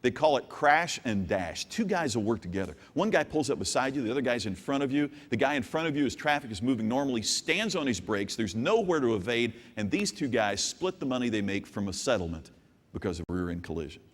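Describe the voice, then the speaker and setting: A man giving a live keynote speech, telling a story and swinging from hushed asides to loud outbursts. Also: medium pitch, a little fast. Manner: animated storyteller with big swings from hushed to shouting. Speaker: keynote business speaker. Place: large hall with an audience. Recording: long hall reverb.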